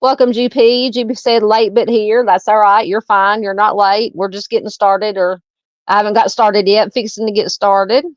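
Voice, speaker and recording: A woman's voice: mid-range voice, level tone, moderate pace, dry recording. Southern lady rambling on a livestream, thanking folks in chat, dull dry mic sound. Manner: chatty, warm to viewers, frequent fillers and laughs. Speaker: true crime livestream host. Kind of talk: casual livestream chat reading comments.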